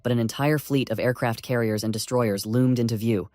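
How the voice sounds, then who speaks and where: A man narrating a comic story recap in an even, steady reading. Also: medium pitch, brisk, dry recording, studio quality.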